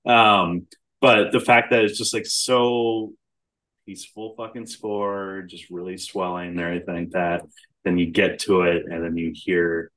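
A man's voice: deep voice, fairly even intonation, a little slow, a bit bright. A man co-hosting a podcast, chatting casually about a film, swearing freely and laughing often. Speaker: podcast co-host.

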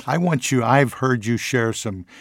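A man's voice: mid-range voice, measured pace, no room sound, clean studio sound. A man hosting a faith podcast, affirming his guest and asking open questions. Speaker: guest host.

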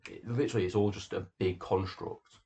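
A man co-hosting a casual podcast chat, talking in a deadpan, offhand way. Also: low voice, fairly quick, vocal fry. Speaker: podcast co-host. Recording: dull lo-fi sound.

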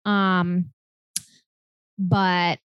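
A woman's voice: on the low side, little pitch movement, drawn-out words, smooth, no echo, muffled recording. A young woman co-hosting a podcast, chatting casually and loosely with lots of filler words. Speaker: podcast co-host. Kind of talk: casual chat.

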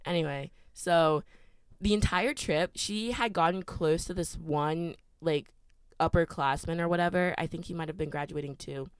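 A woman's voice: deep voice, normal speed, clear, resonant tone, dry recording. A young woman co-hosting a podcast, telling a travel story in a chatty way with lots of "like". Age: young adult. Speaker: podcast co-host. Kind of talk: casual chat.

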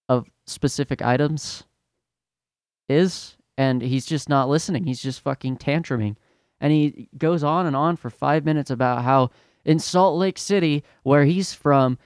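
A man's voice: mid-range voice, a little mellow, smooth, no room sound, studio quality. Profane, exasperated young man ranting. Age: young adult. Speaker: podcast host. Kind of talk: ranting storytelling monologue.

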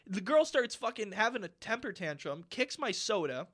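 A man's voice: sits high, sing-song, normal speed, fairly bright tone. A young man co-hosting a casual podcast chat, ranting and swearing freely with lots of fillers. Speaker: podcast co-host.

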